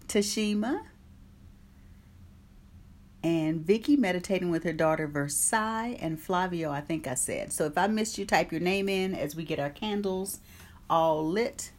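A woman's voice: mid-range voice, a little mellow. A woman hosting an online meditation group, chatting casually, greeting viewers by name and reading from an oracle card. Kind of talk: casual live-stream chat and card reading.

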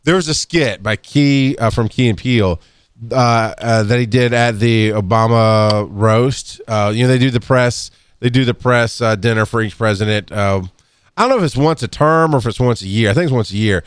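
A blunt, animated man hosts a casual podcast and talks as an EMS educator. His voice jumps higher whenever he gets fired up, and he laughs often along the way. The sound is dry and close, with almost no room on it. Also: normal speed, no echo. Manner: blunt and animated, swings up in pitch when fired up; laughs often and clears throat.

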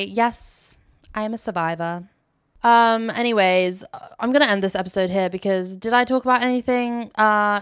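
A woman's voice: medium pitch, fairly bright tone, clean tone, no room sound, clean studio sound. A young British woman hosting a casual solo podcast, telling stories in a chatty, giggly way and swearing freely. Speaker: podcast host.

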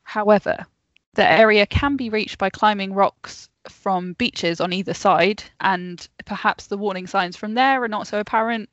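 Calling in remotely from home, a woman co-hosting a casual podcast tells friends a true story, giggling often and easily getting sidetracked. Her voice is medium-pitched at normal speed, captured on a dull, dry lo-fi mic.

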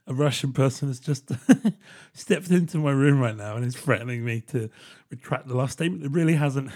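A man's voice: mid-range voice, normal speed, darkish tone. A man hosting a solo podcast, talking in a casual, joking, rambling way and often checking in with "right?". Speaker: podcast host.

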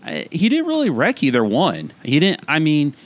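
A man's voice: fairly high pitch, huge pitch swings, normal speed. A man co-hosting a podcast, rambling and incredulous in casual film chat. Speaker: podcast co-host.

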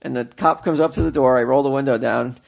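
Gravelly man rambling through a story. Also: medium pitch, fast talker, darkish tone. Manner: rambling, with many fillers and restarts. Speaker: podcast co-host telling a story. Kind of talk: casual storytelling chat.

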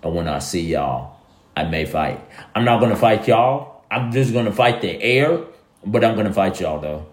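Deep-voiced man rambling in an echoey room. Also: lively intonation, normal speed. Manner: rambling, emphatic, repeats himself, slangy. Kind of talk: casual monologue to listeners.

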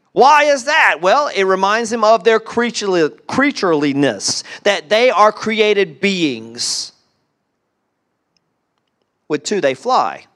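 A man preaching a sermon as pastor, animated and full of rhetorical questions, sometimes dropping to quiet asides. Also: high-pitched.

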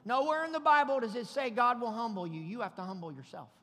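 A male pastor with a strikingly high, bright voice delivers an emphatic sermon with folksy humor. His words carry a long reverb through a church hall. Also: fast talker. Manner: preachy and emphatic, folksy humor, rising to shouts. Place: church sanctuary.

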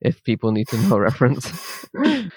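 A young man, co-hosting a podcast in relaxed banter and laughing often. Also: medium pitch, moderate pace, slightly rough, dry recording, clean studio sound. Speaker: podcast co-host. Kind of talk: casual chat.

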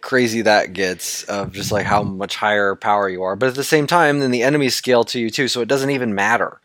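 A man's voice: fairly low pitch, fairly even intonation, a little fast, fairly bright tone, no room sound. Guy rambling on a gaming podcast, laughs a lot, dry close mic. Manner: rambling, laughs easily, restarts often. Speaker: podcast co-host. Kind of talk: casual podcast chat about a video game.

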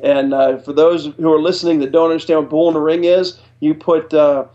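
A middle-aged man from Ohio answers interview questions as an earnest storyteller who often restarts his sentences. His voice sits a bit high for a man. The recording sounds dull and lo-fi. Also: steady tone, brisk, dark tone. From Ohio, USA. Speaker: guest, retired Air Force chief master sergeant.

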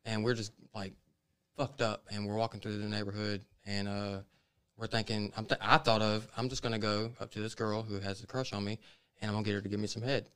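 A man with a smooth, clear voice tells a crude story in a relaxed way. He swears freely in casual chat with friends. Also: fairly low pitch, fairly quick, low-quality recording. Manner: laid-back, profane, laughs often. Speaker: podcast co-host.

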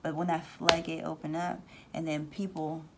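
A woman's voice: low voice, flat delivery, moderate pace, heavy background noise. A woman hosting a casual spiritual talk, rambling with restarts and acting out voices she says she hears. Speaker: spiritual reader and channel host.

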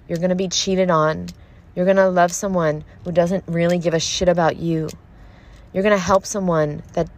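A woman's voice: fairly low pitch, a little mellow. A woman hosting a podcast from her car, tearful and shaken, talking urgently and swearing often in an emotional monologue. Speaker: podcast host. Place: parked car.

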